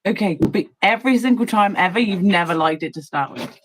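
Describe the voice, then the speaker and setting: A woman's voice: mid-range voice, lively intonation, brisk, low-quality recording. A woman in casual chat, teasing and playful, laughing often.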